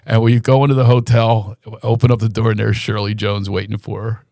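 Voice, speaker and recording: A man's voice: on the low side, fairly quick, no echo, clean studio sound. A man, a comedian guest, telling a story in a casual podcast conversation. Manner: animated, self-interrupting storyteller.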